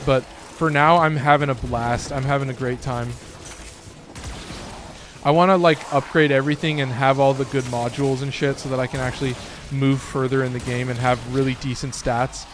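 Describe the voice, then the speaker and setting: A man's voice: medium pitch, a little hiss or hum. A young man casually commenting while he plays a game, rambling and swearing freely, his voice cracking now and then. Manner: loose, rambling, swears often, lots of fillers. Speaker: gaming streamer.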